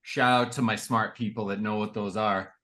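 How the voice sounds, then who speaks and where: Casting note: male co-host, blended Chicago-Boston accent, bright sharp voice, emphatic and profane. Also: on the low side, steady tone, normal speed. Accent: mixed Chicago and Boston. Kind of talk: casual chat.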